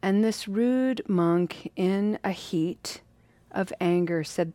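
A woman telling a story in a casual, lively, playful way with drawn-out phrasing. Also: medium pitch, no echo.

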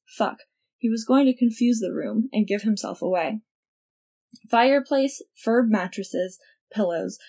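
A woman narrating fiction aloud in a wry, expressive storytelling manner. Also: medium pitch. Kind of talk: audiobook fiction reading.

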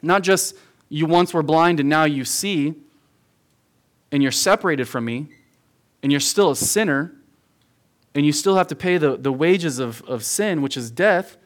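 An earnest youth pastor delivers a sermon in a room full of young listeners. His voice sits a little high for a man, and he leans hard on his words, repeating key phrases for emphasis and often calling his audience "guys". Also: unhurried, long pauses. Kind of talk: verse-by-verse sermon to a youth group.

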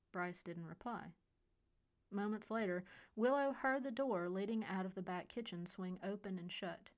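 A woman reading a short story aloud in a quiet, even way. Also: mid-range voice, moderate pace. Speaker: narrator. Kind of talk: scripted story narration.

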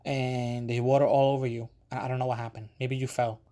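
Man doing a flustered woman boss, heavy accent, choppy broken phrases, mid-pitched. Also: little pitch movement, a little fast, dark tone, close to an everyday voice.

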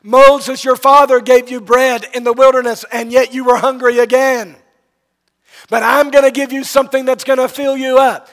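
Bold, loud proclaiming teacher, man voicing him. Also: very high-pitched, flat delivery, normal speed, in a large hall, pitched above the performer's own voice.

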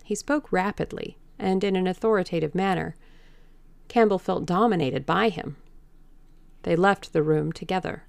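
A woman narrating an audiobook in a measured, deliberate way. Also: lowish voice, creaky, no room sound.

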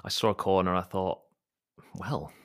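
A man's voice: low-pitched, normal speed, fairly bright tone. A man co-hosting a podcast, bantering casually with a dry, teasing manner. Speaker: podcast co-host.

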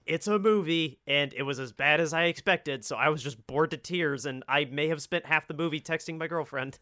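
A laid-back man co-hosting a movie review podcast, speaking a little high with a bright, forward tone. He talks easily and breaks into laughter often. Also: a little fast. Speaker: podcast co-host. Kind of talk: casual movie review chat.

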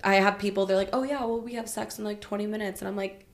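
This podcast guest, a woman, recounts a personal story openly and animatedly, swearing and saying "like" a lot. Her pitch is medium, and she talks a little fast with few pauses.

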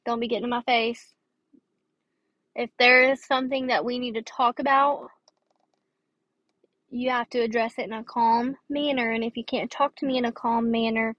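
A young woman hosts a casual advice podcast, sounding tired with a dry throat as she rambles, using fillers and restarts. Her voice is a little high, on a dry recording with the highs cut off.

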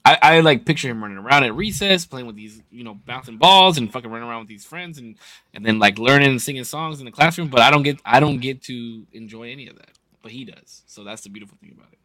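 A man's voice: mid-range voice, expressive, fast talker, sharp tone. A young man co-hosting a podcast, talking bluntly and candidly with plenty of swearing. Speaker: podcast co-host. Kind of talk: casual podcast chat.

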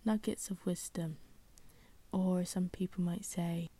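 A woman's voice: fairly low pitch, steady tone, slow pace, mellow, no room sound. A young woman hosting a solo podcast, chatting casually and rambling with many fillers and self-deprecating asides. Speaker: podcast host.

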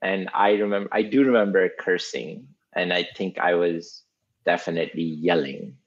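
A deep-voiced man with a husky edge tells a work story on a podcast, circling back and repeating himself as he goes. The recording sounds a little dull and muffled. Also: steady tone, normal speed. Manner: rambling, self-conscious, repeats himself. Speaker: podcast guest recalling a workplace clash.

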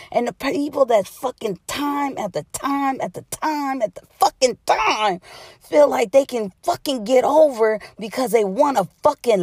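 A woman's voice: fairly high pitch, darkish tone, breathy edge, no room sound, studio quality. A woman hosting a comedy-therapy podcast, delivering a profane, emphatic rant full of repetition. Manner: heavy cursing, emphatic and repetitive. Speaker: podcast host.

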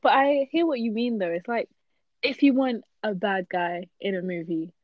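A woman's voice: medium pitch, normal speed, dry recording, dull audio. A young woman co-hosting a film review chat, easygoing and agreeable, laughing along. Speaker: podcast co-host reviewing films. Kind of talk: casual chat.

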